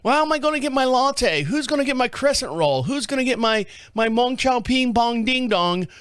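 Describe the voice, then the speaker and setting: Man doing a fussy whiny city snob, mock British accent, pitched way up, bright and crisp, complaining. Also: lively intonation, brisk, no room sound, studio quality. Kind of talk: comic impression on a podcast.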